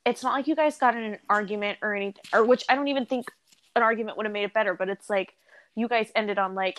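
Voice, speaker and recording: A woman's voice: mid-range voice, fast talker, fairly bright tone, no room sound. A young woman co-hosting a podcast, chatting casually with lots of fillers and laughter. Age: young adult. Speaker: podcast co-host. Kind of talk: casual chat.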